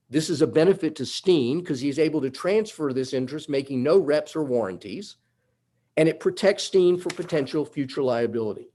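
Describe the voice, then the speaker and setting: Male lawyer making a methodical, emphatic courtroom argument; voice sits a little high. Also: dark tone. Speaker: attorney.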